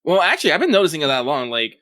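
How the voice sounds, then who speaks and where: Lively bright-voiced man co-hosting a podcast. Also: fairly high pitch, very fast, dry recording, studio quality. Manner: lively, laughs along, chimes in. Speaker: podcast co-host. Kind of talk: casual gaming podcast chat.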